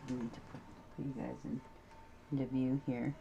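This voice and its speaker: A woman's voice: a bass voice, level tone, normal speed, creaky, dark tone, highs cut off, soft background music. A middle-aged woman talking casually about her quilting as she works, chatting and humming to herself. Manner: chatty, hums and sings to herself while working. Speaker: quilting vlogger. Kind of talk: casual crafting talk while sewing.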